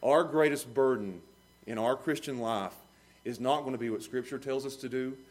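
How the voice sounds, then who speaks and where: A man preaching a sermon with animated delivery, swinging between loud emphasis and low, quiet passages, laughing often as he talks. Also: normal speed.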